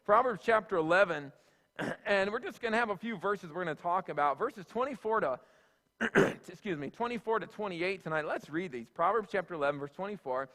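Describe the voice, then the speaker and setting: A man's voice: high voice, animated, a little fast, sharp tone. A man giving a sermon as senior pastor, folksy and conversational, with plenty of asides and fillers. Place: church sanctuary. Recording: echoey church hall.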